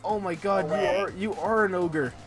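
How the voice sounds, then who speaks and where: A young man co-hosting a casual let's-play, excitable and laughing with loud bursts. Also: high-pitched, normal speed. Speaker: gaming channel co-host. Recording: game music behind.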